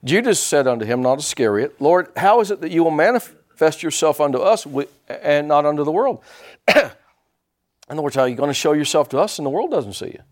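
An older man preaching with a lively voice that swings high and low. He calls out to his congregation, pitched a bit higher than most men. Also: fairly quick. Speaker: pastor. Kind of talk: sermon.

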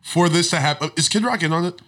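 A man co-hosting a podcast, an animated storyteller who chats casually, swears and laughs often. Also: on the high side, fast talker. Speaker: podcast co-host. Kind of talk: casual chat.

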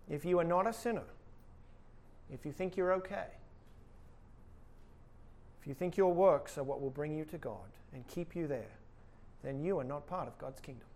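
A man's voice: a little high, darkish tone. A male pastor preaching a sermon with emphatic delivery and rhetorical questions.

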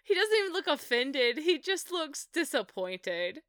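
A woman co-hosting a podcast, chatting about a TV show in an animated, jokey, enthusiastic way. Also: high voice, a little slow, no echo, clean studio sound. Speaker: podcast co-host. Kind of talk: casual chat about a TV show.

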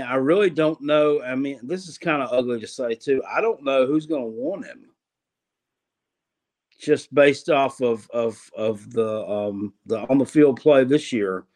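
A man co-hosting a sports talk show, talking in halting bursts full of "I mean.". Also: on the high side. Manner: hesitant, many "I mean" fillers.

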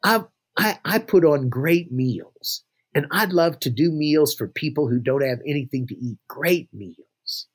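A man quoting a warm, homely woman with a New Orleans accent who loves cooking for people. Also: low-pitched, lively intonation, unhurried, few pauses, husky, exaggerated voice. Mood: fond.

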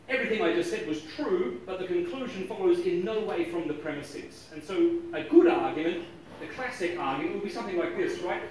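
A man's voice: sits high, a little fast, slight background noise. Joking man lecturing in an echoey hall. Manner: joking, lively, self-amused, chuckles often. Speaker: speaker teaching logic to a live audience. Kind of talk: live talk to an audience. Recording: echoey hall, distant mic.

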